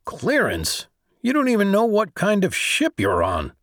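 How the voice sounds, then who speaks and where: A man's voice: fairly high pitch, moderate pace, warm tone, dry recording, clean studio sound, pitched above the performer's own voice, natural voice. A man voicing a mocking male civilian aboard a warship, scoffing with a raised voice.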